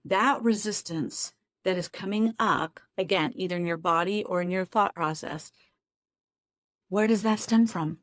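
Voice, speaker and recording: A woman therapist speaks to camera from her home office, her voice sitting on the low side for a woman. She explains things casually, with self-deprecating asides. The sound is close and dry, with no room echo. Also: a little slow, a bit bright. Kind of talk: casual talk-to-camera teaching.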